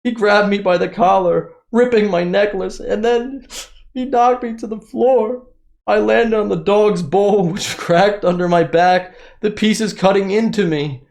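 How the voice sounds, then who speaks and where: A man's voice: high voice, measured pace, creaky, a little mellow, voice pushed up. A man putting on the voice of a self-pitying young man, mockingly whining through a dramatic account. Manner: whiny, mocking.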